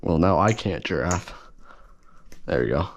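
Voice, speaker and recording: A man's voice: sits low, animated, measured pace, dull audio, slight background noise. A man talking casually through an unboxing and review, rambling and correcting himself as he goes, with enthusiasm. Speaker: balisong reviewer.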